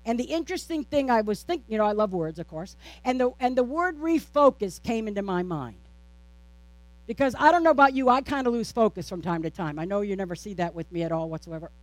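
A woman pastor preaching with a rolling, repetitive cadence that leans on rhetorical questions. She breaks into playful, self-teasing asides. Her voice sits at a middle pitch and sounds dry and close, with no room echo. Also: expressive, quick pace. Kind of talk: sermon.

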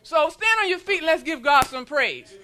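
Woman preacher with a high, ringing voice, repeating lines back to the congregation and rising to shouts in a church. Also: animated, moderate pace, a little hiss or hum. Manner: call-and-response, repeating lines, building to shouts. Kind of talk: sermon. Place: church sanctuary.

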